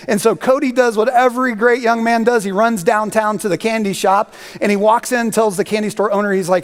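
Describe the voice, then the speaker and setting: A man's voice: high voice, fast talker, hardly any pauses. A man preaching a sermon as a guest speaker, telling stories in a loose, conversational way with many fillers. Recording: long reverb of a church hall.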